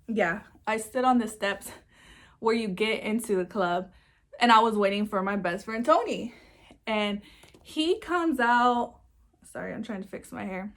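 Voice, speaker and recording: Young woman doing a storytime vlog, rambly, cusses a lot, says like every other word, regular mid pitch. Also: unhurried, a bit bright. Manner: chatty, swears freely, many filler words. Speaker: vlogger. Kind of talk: casual storytime.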